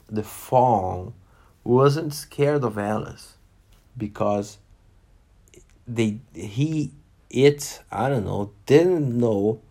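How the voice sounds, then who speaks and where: A man's voice: on the low side, vocal fry, darkish tone. A man reading a children's book aloud to young listeners, stopping patiently to explain words and scenes.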